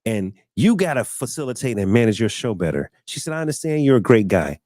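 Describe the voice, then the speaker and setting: A man's voice: medium pitch, sing-song, brisk, a little mellow, no room sound, clean studio sound. A man hosting a casual live-stream talk show, telling stories and acting out what other people said, often repeating words as he finds his thought. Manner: storytelling, acting out quoted people.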